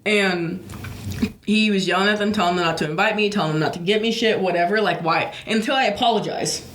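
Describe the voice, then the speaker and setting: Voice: mid-range voice, brisk, fairly bright tone, roomy sound. A young adult podcast co-host telling a long personal story in a casual, profane, rambling way with lots of fillers.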